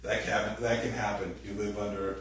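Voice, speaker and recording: A man giving a sermon as pastor, animated and conversational, acting out quoted voices loudly. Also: lowish voice, normal speed. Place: church hall. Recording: very echoey room, distant mic, faint noise.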